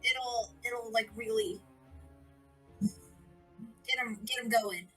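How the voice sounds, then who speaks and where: A woman's voice: on the high side, fairly even intonation, extremely slow, fairly bright tone, husky, faint music behind, poor audio. A woman playing a tabletop game, animatedly describing what her character does. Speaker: player. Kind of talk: casual tabletop play.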